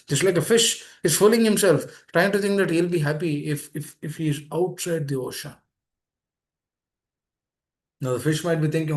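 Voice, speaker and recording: A man giving a devotional talk to devotees, earnest and pleading, repeating phrases as his voice swings between soft and emphatic. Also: a little high, moderate pace, pauses often. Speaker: speaker at a temple meeting. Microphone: online meeting room.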